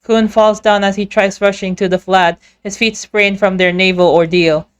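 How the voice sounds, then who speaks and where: A woman narrating a game story in a voiced playthrough, telling it in a lively storyteller manner. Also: medium pitch, moderate pace, smooth. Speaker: fan dubber narrating a game.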